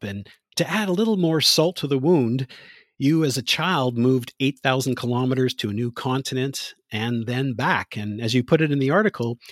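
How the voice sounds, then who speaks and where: A man's voice: mid-range voice, no echo, studio quality. A man interviewing a guest, asking prepared questions with enthusiasm and drawing on her profile. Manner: enthusiastic, reads background from profile.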